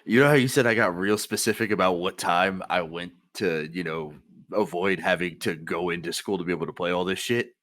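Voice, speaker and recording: Very deep-voiced young man, dry sound. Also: brisk, a bit bright, no room sound. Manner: explanatory, swears casually. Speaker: podcast co-host. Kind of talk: casual gaming chat.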